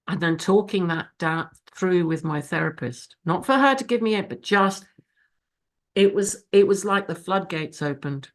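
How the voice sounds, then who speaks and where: A woman's voice: fairly low pitch, a bit bright. A middle-aged woman giving a candid, emotional recovery share over a video call, swearing freely. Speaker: speaker at a recovery fellowship meeting.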